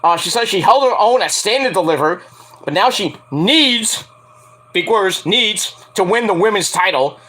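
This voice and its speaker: A man casually recapping a wrestling show, animated, profane and sarcastic. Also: high voice, moderate pace. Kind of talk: casual rant-style recap.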